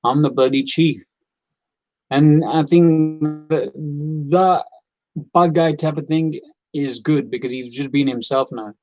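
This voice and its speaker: A man's voice: fairly high pitch, steady tone, unhurried, a little mellow, no room sound, poor audio. A man giving a casual, opinionated wrestling review, rambling with fillers and repeats. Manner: acts out quoted lines in character.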